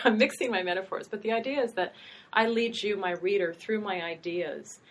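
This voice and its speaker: Thoughtful low-voiced woman writing teacher. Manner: thoughtful, meandering, with hesitations. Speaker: writing instructor and host. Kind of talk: casual academic conversation.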